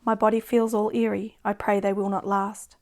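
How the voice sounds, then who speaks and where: A woman reading her own poems aloud in a slow, subdued, even way. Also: medium pitch. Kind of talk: poetry reading.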